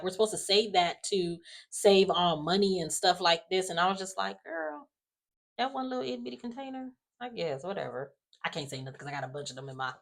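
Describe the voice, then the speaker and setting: A woman's voice: lowish voice, a bit bright. A woman chatting casually as she recaps a soap episode, with lots of fillers, acting out the characters' lines as she goes. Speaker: soap opera recap vlogger.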